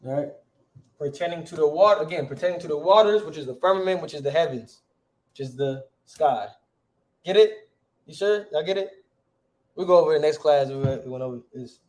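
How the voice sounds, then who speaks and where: A man's voice: a little high, fairly quick, a little mellow. A man teaching a class in a casual, slangy way, often checking with the students by asking "right?". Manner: slangy, conversational.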